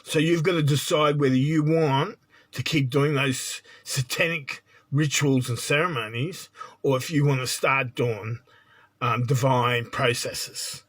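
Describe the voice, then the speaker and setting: A man's voice: mid-range voice, fairly even intonation, measured pace, fairly bright tone. A man giving a spiritual monologue as a teacher, blunt and lecturing, often checking in with "right?".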